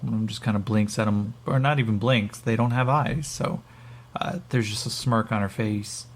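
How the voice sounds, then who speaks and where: A man with a gravelly voice narrating as game master, rambling with many fillers. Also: fairly low pitch, steady tone, normal speed.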